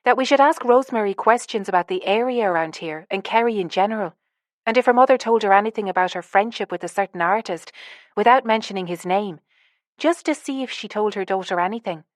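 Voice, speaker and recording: A woman narrator voicing an eager, excitable young woman in an audiobook. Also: mid-range voice, fast talker, no room sound, studio quality, natural voice.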